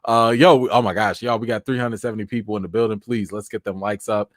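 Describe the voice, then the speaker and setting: A man hosting a casual live chat, answering viewer comments in an animated, talkative way, and by now tired, with his voice wearing out. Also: on the low side, quick pace, no room sound. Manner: animated, chatty, thanks viewers by name. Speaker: live-stream host.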